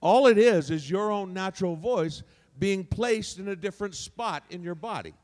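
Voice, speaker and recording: Speaking at a moderate pace in a high but darkish voice, a man demonstrates voice acting for a convention hall audience. He moves his voice around freely while explaining, and the hall's long reverb trails behind him.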